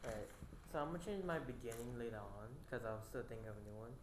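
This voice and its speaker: A student practicing a pitch in a classroom with a lively, slightly rushed delivery. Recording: echoey classroom with noise.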